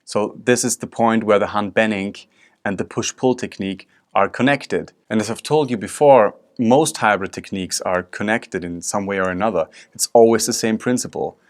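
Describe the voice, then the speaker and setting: Speaking at a moderate pace in a fairly low voice, a man teaches a drum technique in an instructional video, explaining each step while he demonstrates. Drum strokes and music play in the background.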